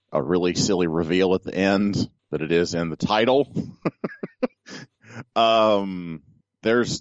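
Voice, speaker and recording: A man co-hosting a podcast, deadpan and drily joking in casual chat. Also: deep voice, dry recording, highs cut off. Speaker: podcast co-host.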